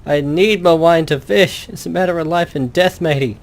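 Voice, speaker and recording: A man's voice: on the high side, moderate pace, gravelly, voice pushed up. A man voicing a drunk old male fisherman who slurs a salty sea-dog way of talking and calls everyone matey. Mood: pleading. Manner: slurring sea-dog talk, says matey.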